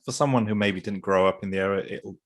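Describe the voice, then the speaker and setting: Deep-voiced man musing about films. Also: fast talker. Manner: musing, hedging, self-deprecating. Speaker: podcast co-host. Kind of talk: casual film review chat.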